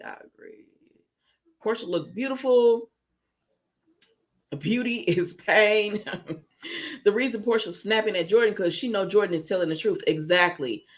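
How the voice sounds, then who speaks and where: A woman chatting casually on a livestream, retelling soap opera scenes and answering viewer comments. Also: medium pitch. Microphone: livestream setup with computer microphone.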